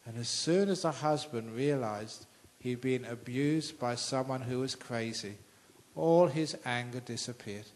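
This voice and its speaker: An older man with a British accent, a monk telling a story in a sermon, acting out characters with sudden loud outbursts. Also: mid-range voice, measured pace, low-quality recording. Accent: British English. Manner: animated storyteller, acts out voices with loud outbursts. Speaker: monk giving a dharma talk. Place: large trade centre hall with an audience.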